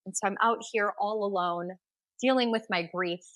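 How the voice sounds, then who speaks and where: A woman's voice: mid-range voice, normal speed, fairly bright tone, no echo, lightly acted. A devoted young moon maiden from a spoken legend, earnest and longing, as a woman narrator gives her voice. She sounds close to the teller's own middle voice. The sound is dry. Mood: sad.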